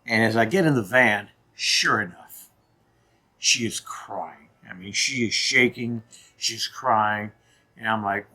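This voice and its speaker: Vlog host, man in his 50s, husky voice, earnest and emphatic storyteller. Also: on the low side, slow pace, pushed and bright. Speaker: channel host.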